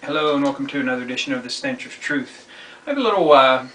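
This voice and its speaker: Halting man in an echoey room. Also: mid-range voice, expressive, fairly bright tone. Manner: halting, deliberate delivery. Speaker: host of an online commentary show. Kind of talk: solo spoken monologue. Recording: echoey room, distant mic, faint noise.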